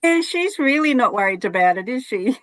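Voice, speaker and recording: A woman's voice: a little high, animated, fairly quick, no room sound. A woman chatting on a video call, friendly and a little hesitant. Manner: hesitant, friendly, laughs easily. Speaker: webinar attendee. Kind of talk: casual video-call chat.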